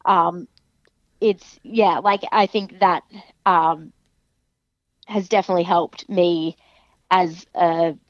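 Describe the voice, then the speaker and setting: A young adult Australian woman, a professional wrestler, chatting in an interview and lively acting out other people's remarks. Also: dry recording. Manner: chatty, animated, acts out other people's lines in a higher voice. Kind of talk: casual interview chat. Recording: dry, dull lo-fi podcast sound.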